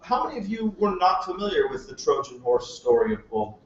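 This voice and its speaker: A man's voice: sits high, sing-song, fairly quick, slight background noise. A man presenting at a live business meeting, joking and chatty and asking the crowd questions. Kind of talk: casual sales pitch to a live audience. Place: meeting room with a live audience. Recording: echoey room, distant mic, dull sound.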